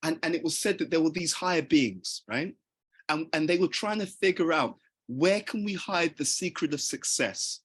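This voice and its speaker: Husky-voiced man giving an earnest motivational talk. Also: a little high, moderate pace. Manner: earnest, conversational, poses questions to listeners. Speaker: motivational speaker.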